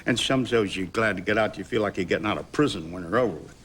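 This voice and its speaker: A man in his sixties, an actor guest telling animated stories with chuckles on a talk show. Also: on the low side, fast talker, slight background noise.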